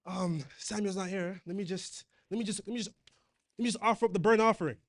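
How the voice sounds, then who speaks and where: A man's voice: sits high, quick pace. A man voicing a panicking young king who stammers and repeats himself. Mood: panicky.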